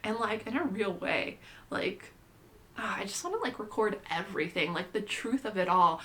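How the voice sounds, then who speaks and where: A woman's voice: medium pitch, lively intonation, normal speed, a bit bright. A young adult woman vlogging in a casual, rambling monologue, chatty and irreverent, filling her talk with "like.". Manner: chatty, says "like" constantly, playful and irreverent.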